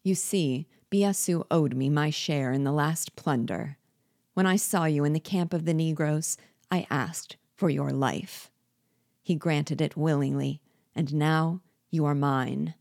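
A bitter, scheming male dwarf and one-time jester gloats over his captive in a low, dry voice, as a woman reads him aloud from a storybook. He speaks slowly and deliberately, savoring each threat. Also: a little mellow, no room sound. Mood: gloating.

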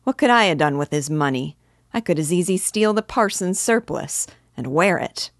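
A sullen, defensive villager grumbles back, as a woman reader plays him. The voice is low and muttering. The reading is dry and close. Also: expressive, normal speed, dry recording, lightly acted.

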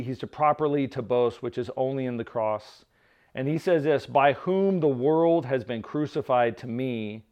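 With a medium-pitched, slightly mellow voice captured on a recording with its highs cut off, this pastor keeps his sermon conversational, tagging his points with "right?" and slipping in jokes on the side.

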